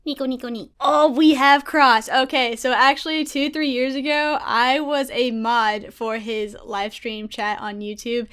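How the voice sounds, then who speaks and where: A woman's voice: sits high, steady tone, unhurried, few pauses, a bit bright, clear, resonant tone. A young woman chatting casually about her gaming teammates in a bubbly, giggly, gushing way. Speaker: gaming YouTuber. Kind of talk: casual vlog chat.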